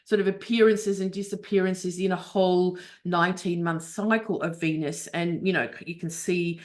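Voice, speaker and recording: A woman's voice: lowish voice, fairly even intonation, normal speed. A woman teaching astrology in a webinar, explaining a chart step by step with frequent fillers and restarts over a video call.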